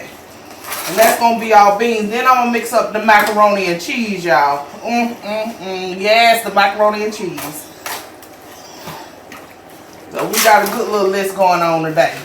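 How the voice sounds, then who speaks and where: A home cooking show host from Jacksonville, Florida, with a Southern US accent, walks viewers through a recipe step by step, chatting folksily and calling them y'all. His mid-range voice is fairly quick and a bit bright. It's a casual cooking demo recorded off-mic in a roomy home kitchen with a faint background hum.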